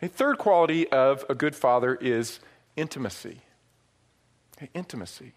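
Animated middle-aged preacher man. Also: mid-range voice, normal speed. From upstate New York. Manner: storytelling, animated swings from hushed to loud. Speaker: pastor. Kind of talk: sermon.

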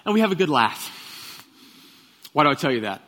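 A pastor delivers a sermon in an easy storytelling manner, acting out quotes from his friends along the way. His voice sits a little higher than most men's. A long church reverb trails behind every phrase. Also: fairly quick. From Texas. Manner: storytelling with acted quotes, relaxed and conversational. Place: church sanctuary.

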